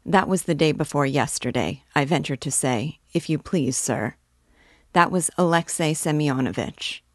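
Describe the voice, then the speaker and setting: A timid male office messenger, fussy and overly polite, as a woman reads him. He speaks in a low voice with a dry, close sound. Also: animated, normal speed, no echo. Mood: deferential.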